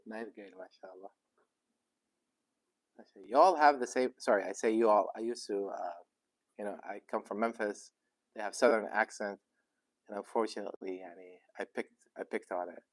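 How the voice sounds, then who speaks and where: A middle-aged man leads a youth program with a relaxed, joking manner. His voice sits somewhat low and he keeps things light with the teenagers he greets. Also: normal speed, pauses often. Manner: easygoing and joking. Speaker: sheikh leading a youth program. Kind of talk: casual chat with teens. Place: mosque youth room.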